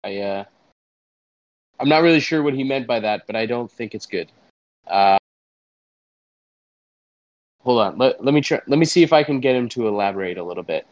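A man's voice: mid-range voice, animated, moderate pace, pauses often, no echo, muffled recording. A man playing a nervous interpreter in a comedy sketch, hesitant and stammering, with many fillers.

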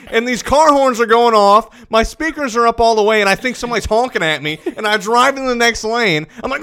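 A young man with a high, keen voice that comes through sharp and bright. He rants in an animated, swearing way, co-hosting a loose podcast chat. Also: fairly quick, hardly any pauses, clean tone. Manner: animated ranting with swearing and laughter. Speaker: podcast co-host.

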